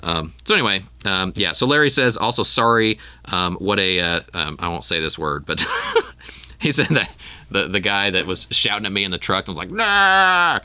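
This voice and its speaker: Deep voiced guy hosting a chatty podcast, rambly with lots of ums, dry close sound. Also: a little fast, bright, forceful tone, smooth, dry recording. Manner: rambling, with frequent ums and restarts. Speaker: podcast host. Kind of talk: casual chat.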